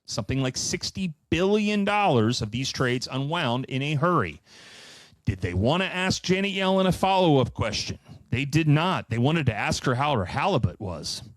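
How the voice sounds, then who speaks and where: A middle-aged man giving an animated solo finance presentation, emphatic and sardonic with profane asides. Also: on the high side, moderate pace, dry recording. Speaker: finance commentator.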